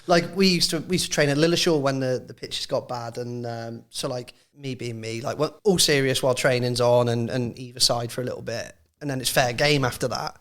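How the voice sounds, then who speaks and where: A man's voice: mid-range voice, fairly quick, hardly any pauses. A man, a former club physio, telling stories with lots of laughter in a casual podcast chat. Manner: animated storyteller, laughs often.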